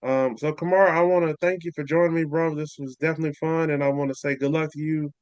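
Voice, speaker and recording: Quick, crisp-voiced American man hosting. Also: on the high side, fairly even intonation, a little mellow, no echo, highs cut off. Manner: friendly, brief affirmations. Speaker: interview host. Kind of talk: casual interview.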